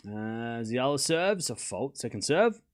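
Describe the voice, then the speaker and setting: A man's voice: mid-range voice, sing-song, unhurried. Chatty man calling tennis live. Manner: casual, chatty, answers chat questions between points. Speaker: host. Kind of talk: live tennis watchalong commentary.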